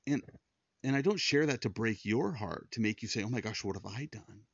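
A man's voice: on the low side, animated, a little fast, creaky, breathy edge, no echo. A middle-aged man speaking in an earnest personal monologue as a Christian podcast host, often repeating words and restarting when moved. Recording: dull, dry lo-fi sound.

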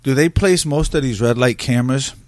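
Man, middle-aged, podcast co-host, rapid, profane, rambling, casual chat. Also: medium pitch, a little mellow, no room sound.

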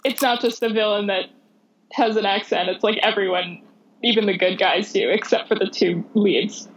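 A woman's voice: medium pitch, normal speed, slightly rough, rough recording. A woman casually discussing movies, chatty, laughing often and restarting her sentences.

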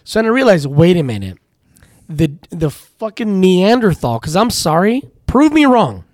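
A man's voice: sits high, very animated, moderate pace, a little mellow, no room sound, clean studio sound. A man co-hosting a casual podcast, ranting through profane stories about his work at a tire shop. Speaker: podcast co-host.

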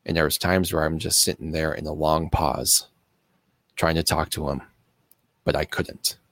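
A man telling a personal story in an earnest, halting way, pausing and restarting as he explains things slowly. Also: rumbling low, level tone, a bit bright, no room sound, studio quality. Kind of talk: personal story told to camera.

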